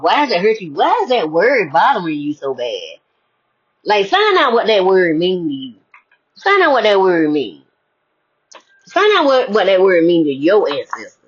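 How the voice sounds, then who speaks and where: A woman giving a preachy motivational spiritual talk, casual and full of rhetorical questions. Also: medium pitch. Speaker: spiritual speaker. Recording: dull lo-fi recording.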